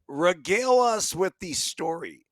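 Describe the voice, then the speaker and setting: A man's voice: high voice, lively intonation, a little slow. A man in his forties co-hosting a casual podcast, emphatic and swearing freely. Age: 40s. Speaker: co-host, former baseball player. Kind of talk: casual chat.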